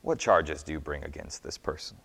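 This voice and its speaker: A man's voice: a bass voice, animated, brisk, gravelly, fairly bright tone, slightly rough, voice pushed down, exaggerated voice. A man voicing a stern, anxious Roman governor who raises his voice and presses with questions. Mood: demanding. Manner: demanding, raised voice. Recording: long hall reverb.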